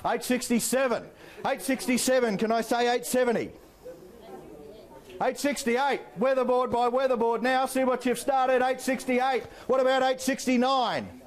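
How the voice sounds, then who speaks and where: An Australian man working as an auctioneer, calling bids in a rapid rhythmic patter with playful banter to the bidders. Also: extremely high pitch, fairly even intonation. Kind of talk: live property auction calling.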